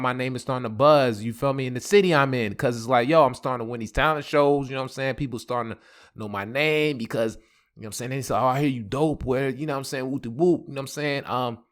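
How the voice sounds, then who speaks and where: This man hosts a podcast, speaking quickly in a mid-range voice. His storytelling is casual and lively, thick with slang and fillers, and he performs quotes in assorted voices.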